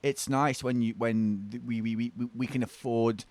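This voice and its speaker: A man's voice: mid-range voice, steady tone, normal speed, a little mellow, no echo, pitched below the performer's own voice, close to an everyday voice. A man with a British accent voicing a bored little boy who stammers through a joke and repeats his words. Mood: stammering.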